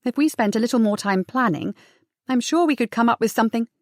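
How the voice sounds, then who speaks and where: A wary young woman speaks with a tart, sharp-tongued edge, as a woman narrator puts her on. She sounds uneasy and skeptical. The audiobook recording is dry and close. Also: fairly high pitch, expressive, fast, dry recording, natural voice.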